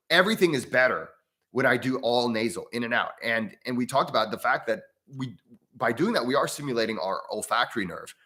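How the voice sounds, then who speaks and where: Hosting a relaxed breathwork channel livestream, this American man speaks at a medium pitch with a pushed, bright delivery. His talk wanders with frequent restarts as he reads out comments and banters with viewers.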